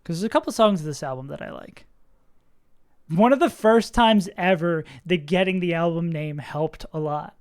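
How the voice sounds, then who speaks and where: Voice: medium pitch, moderate pace, clear, resonant tone. A young adult streamer chatting casually with viewers and reacting aloud while playing a game. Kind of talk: casual gaming stream chat. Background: faint music.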